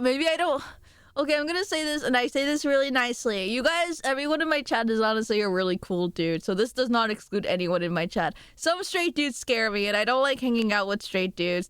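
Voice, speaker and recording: A young woman streams and talks casually with her viewers, giggling often. Her voice sits a little high and leaps around with lively swings of pitch. The sound is dry and close, with no room around it. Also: smooth, no echo. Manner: giggly and animated, quick jumps in pitch. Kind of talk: casual chat reading viewer messages.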